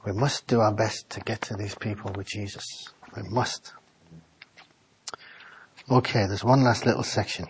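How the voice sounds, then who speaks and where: A man preaching a Bible-study sermon in a small office meeting room. He reads scripture aloud and builds to fervent, loud exclamations. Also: lowish voice, fairly even intonation, moderate pace, pauses often, a little hiss or hum, low-quality recording.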